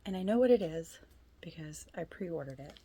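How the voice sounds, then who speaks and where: A woman's voice: sits low, expressive, normal speed, warm tone, slightly rough. A woman chatting eagerly at home in a casual reading diary, full of rambling asides. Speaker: book vlogger.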